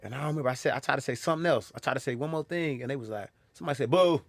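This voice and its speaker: A man's voice: mid-range voice, rapid-fire, gravelly, a little hiss or hum. A young man, a comedian, telling stories from his life in a casual chat, acting out the lines of people in them. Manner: animated, acts out quoted lines. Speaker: comedian guest.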